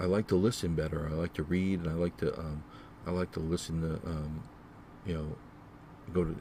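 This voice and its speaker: A man's voice: sits low, darkish tone, a little hiss or hum. A man hosting his own podcast, talking alone in a rambling, repetitive way with many fillers. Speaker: podcast host. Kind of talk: solo casual podcast monologue.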